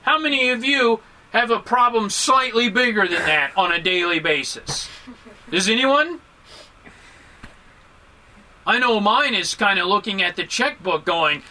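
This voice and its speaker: A man giving a Buddhist dharma talk to a group, animated and joking, with emphatic swings in his voice. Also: sits high, a little slow, pauses often, poor audio. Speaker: Buddhist teacher.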